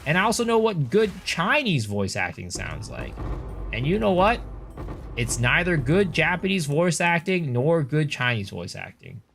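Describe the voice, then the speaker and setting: Man, game streamer, casual chat, blunt and opinionated, animated pitch. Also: moderate pace, creaky, slight background noise. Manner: loose and opinionated, swears, answers chat. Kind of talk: casual livestream chat while gaming.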